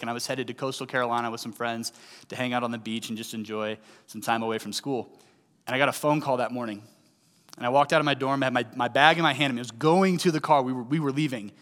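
A man in his thirties from St. Louis preaching a sermon, telling a personal story in a conversational way with rising emphasis on key lines. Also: medium pitch. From St. Louis, USA. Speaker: pastor. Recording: hall with long reverb.

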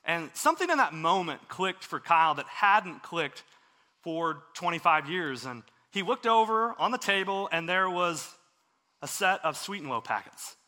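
A preacher delivers a sermon in a high, bright, expressive voice at a moderate pace. He tells a story earnestly and conversationally, as though talking with his congregation.

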